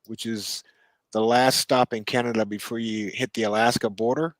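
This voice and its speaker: On a laid-back podcast, a male co-host tells leisurely stories sprinkled with side remarks and small chuckles. His voice is medium-pitched, and the recording sounds close and dry, with no room echo.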